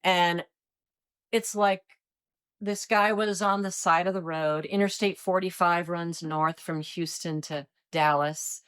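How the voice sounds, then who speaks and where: A woman in her fifties from Iowa, a retired agent telling stories in a relaxed interview and acting out the voices of others. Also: fairly low pitch, slow, clean tone. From Iowa, United States. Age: 50s. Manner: animated, acts out quoted voices. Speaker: retired DEA agent, guest. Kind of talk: casual interview storytelling.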